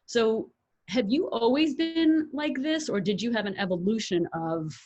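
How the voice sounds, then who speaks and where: A woman's voice: a little high, unhurried, a little mellow, lo-fi sound. A woman hosting an interview, asking her guest long, conversational questions. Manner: conversational, rambling questions with fillers. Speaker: host.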